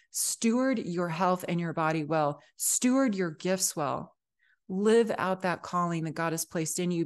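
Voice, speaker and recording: A woman hosting a faith-based fitness podcast, talking to listeners with an exuberant, preachy enthusiasm and reading scripture aloud. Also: on the low side. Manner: exuberant, preachy pep talk. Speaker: podcast host.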